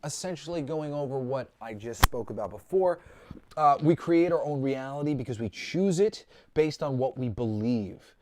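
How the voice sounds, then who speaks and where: A man teaching a spiritual class in a loose, conversational way. He talks from the heart and circles his points with plenty of ums, uhs and false starts. His pitch sits at a middle level for a man. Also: animated, moderate pace, background noise. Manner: rambling, heartfelt, many ums and restarts. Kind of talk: casual spoken lesson.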